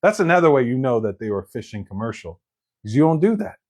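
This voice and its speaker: A male pastor preaching, his pitch sitting in the middle range. He tells the story with animation and acts out the lines he quotes. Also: very animated, quick pace, darkish tone. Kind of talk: sermon.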